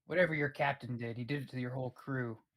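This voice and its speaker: A man's voice: mid-range voice, steady tone, fairly bright tone, natural voice. A man playing a guarded spellcasting adventurer. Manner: measured, guarded questioning. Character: cautious male magic-wielding adventurer.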